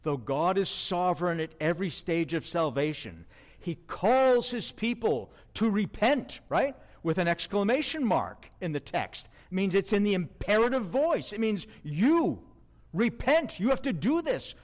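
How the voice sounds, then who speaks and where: Slow, animated high-voiced male preacher. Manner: emphatic, asks the listeners rhetorical questions. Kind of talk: sermon.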